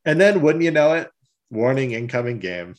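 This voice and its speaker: Man, lively up-and-down voice, casual podcast chat, laughs a lot. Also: mid-range voice, moderate pace. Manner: animated, laughs often, swears casually. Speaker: podcast co-host.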